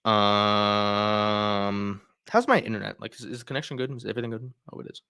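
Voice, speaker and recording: A man's voice: on the low side, moderate pace, creaky, sharp tone, clear, resonant tone, no echo, studio quality. A man hosting a casual livestream, chatting and reacting to viewer comments. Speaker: livestream host.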